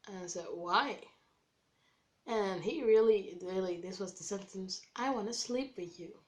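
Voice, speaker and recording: A woman's voice: mid-range voice, measured pace. A woman vlogger casually telling a personal story to camera, acting out quoted dialogue and using lots of "like.". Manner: animated, acts out quoted dialogue with many "like"s.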